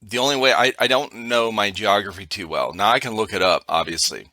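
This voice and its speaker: A male podcast host with a low, very bright and sharp voice that moves a lot in pitch. He talks in an easygoing way, full of little fillers, on a dry, close recording. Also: fairly quick, dry recording. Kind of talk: casual chat.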